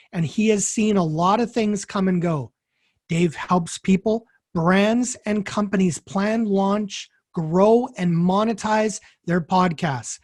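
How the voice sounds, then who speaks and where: Slow, measured co-host reading an intro. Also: medium pitch, a little mellow, no echo, clean studio sound. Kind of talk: scripted read introduction.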